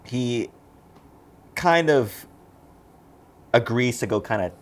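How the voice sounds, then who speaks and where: This man co-hosts a podcast, chatting loosely as he retells a film one scene at a time and performs the characters' lines. His voice is mid-range and his pace slow.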